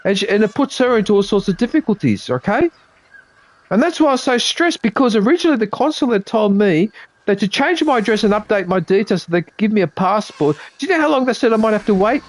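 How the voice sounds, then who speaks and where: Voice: mid-range voice, animated, fast, dry recording. An Australian livestreamer ranting casually, swearing freely and exasperated, and checking in with "right?" over and over. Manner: profane, exasperated, keeps asking "right?".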